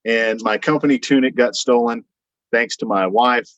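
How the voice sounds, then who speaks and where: Brief: male podcast guest, mid-pitched, rambling and animated storyteller, dull dry sound. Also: normal speed, no echo. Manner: rambling, animated retelling with quoted voices and frequent fillers. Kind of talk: casual anecdotal storytelling.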